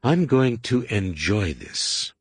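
A man's voice: mid-range voice, lively intonation, normal speed, slightly rough, dry recording, studio quality, voice pushed up. A man voicing a wounded, furious young woman pilot in an audiobook, speaking bitter and defiant.

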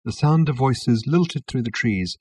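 A man narrating a comic novel as an audiobook, with a wry, expressive delivery. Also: medium pitch, a little slow, breathy edge, dry recording.

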